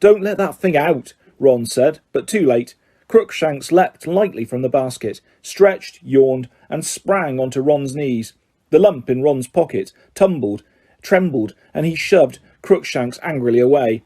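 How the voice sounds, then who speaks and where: A man with a mid-range voice narrates an audiobook, reading aloud in a steady, measured storytelling style.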